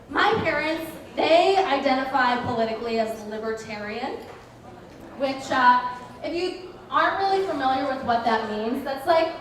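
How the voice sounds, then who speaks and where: A woman doing a stand-up comedy set in a bar, with a dry, sardonic, ironic delivery. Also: high-pitched. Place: bar event venue. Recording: echoey room, mic picked up from far off.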